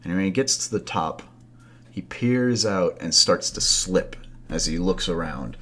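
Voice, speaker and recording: A man's voice: low voice, animated, measured pace, bright, forceful tone. A man narrating a campfire story as a podcast host, loose and conversational, with asides and fillers.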